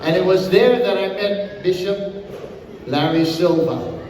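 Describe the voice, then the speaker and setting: A man's voice: high voice, unhurried, a faint crowd, slight background noise. An older man from Hawaii with a Hawaiian accent, a comedian chatting and telling stories to a live audience. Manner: animated, chatty storyteller. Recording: echoey hall from far off.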